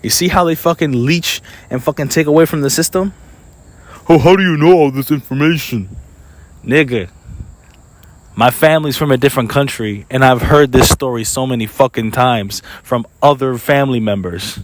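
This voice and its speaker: A young man ranting in an angry, profane monologue for his vlog, sometimes mocking others in put-on voices. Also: medium pitch. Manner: angry, profane, rapid-fire complaining. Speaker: vlogger.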